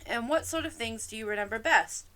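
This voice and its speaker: A woman's voice: a little high, animated, brisk, bright, forceful tone. Storybook girl, polite and inquisitive, read by a woman, light and earnest. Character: polite, curious young girl, earnest and reasonable.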